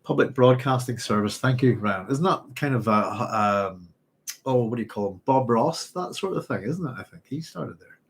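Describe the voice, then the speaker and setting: Husky man chatting live. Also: medium pitch, animated, moderate pace. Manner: rambling, hesitant, reading chat comments aloud. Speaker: live chat host. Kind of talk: casual live-stream chat.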